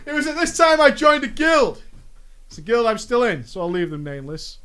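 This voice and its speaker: High-voiced American man telling gaming stories. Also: expressive, sharp tone, clean tone. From United States. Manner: playful, jokey asides, drawn-out mock-dramatic phrases. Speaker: gaming vlogger. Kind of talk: casual storytelling monologue.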